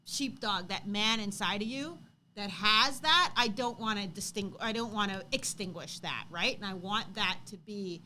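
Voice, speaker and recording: A woman in her thirties co-hosting a livestream, chatting casually and telling an animated story, acting out quotes loudly. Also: medium pitch, moderate pace, slight background noise. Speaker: co-host.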